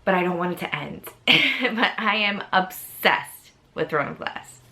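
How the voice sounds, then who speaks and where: Book vlogger: New York woman, 30s, chatty and gushing, bright edge to the voice. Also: fairly low pitch, expressive, unhurried. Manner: chatty, gushing, rambling, laughs often. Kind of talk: casual chat.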